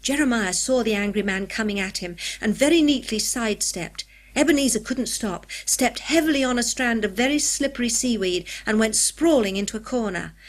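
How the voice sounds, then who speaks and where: A woman reading an adventure story aloud in clear, measured storybook narration. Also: on the high side, animated. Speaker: audiobook narrator. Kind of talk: scripted narration.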